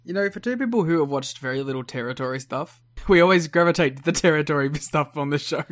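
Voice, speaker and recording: Joking man with a higher voice. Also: quick pace, fairly bright tone. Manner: joking, laughs often, swears. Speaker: podcast co-host. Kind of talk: casual podcast chat.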